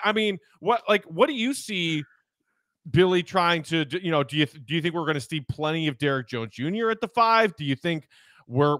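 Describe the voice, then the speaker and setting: A man's voice: a little high, pushed and bright, no echo. A man hosting a casual sports podcast who reads off stats and asks his co-host questions.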